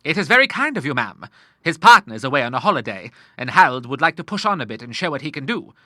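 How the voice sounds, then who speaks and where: A man's voice: medium pitch, big pitch swings, fast, sharp tone, dry recording, studio quality. A man voicing a bluff, courteous old naval admiral in an audiobook, hearty and full of sea talk. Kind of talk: audiobook character voice.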